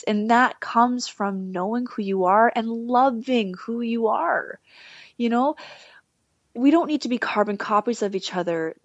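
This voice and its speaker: A woman in relaxed conversation, her voice sitting a little high and her speech full of "like" and "you know" as she restarts her thoughts. The sound is dry and close, with a dull, muffled quality, as if from a modest mic. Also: no room sound. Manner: chatty, lots of "like" and "you know", quick restarts. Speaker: healer, guest. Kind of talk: casual podcast chat.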